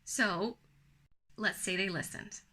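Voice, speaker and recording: Bright-voiced woman coaching parents. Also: mid-range voice, slow pace, slightly rough. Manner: firm, even, encouraging instruction. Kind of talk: talking-head teaching video.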